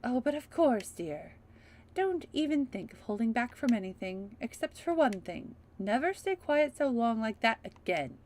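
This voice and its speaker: A woman voicing a kind, motherly older nun who speaks softly and reassuringly. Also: fairly high pitch, sing-song, normal speed. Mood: gentle. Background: game music.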